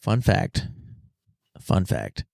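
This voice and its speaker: A man's voice: very slow, a little mellow, dry recording. Podcast host, male, laid-back and rambling, dry close-mic sound. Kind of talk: casual storytelling chat.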